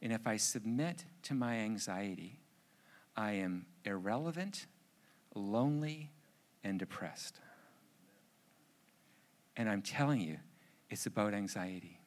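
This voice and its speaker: A man's voice: fairly low pitch, animated, takes it slowly, pauses often. A middle-aged Canadian man preaching a sermon in a conversational, humorous way that builds to emphatic urgency. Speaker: pastor.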